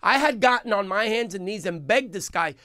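A business owner with a high-pitched, expressive voice talks a little fast into a studio mic in a radio studio, and the recording is dry. His impassioned radio interview starts emphatic and grows heated and forceful.

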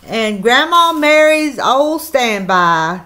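A woman's voice: fairly high pitch, sing-song, takes it slowly, pushed and bright. A woman with a Southern country accent, chatting folksily to her viewers while opening mail on her vlog. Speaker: channel host.

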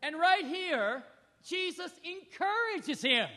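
A man's voice: high voice, big pitch swings, moderate pace. A man preaching a sermon, reading scripture and speaking emphatically, often asking the audience questions. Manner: emphatic, dramatic swings in loudness; addresses the audience directly with questions. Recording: reverberant hall.

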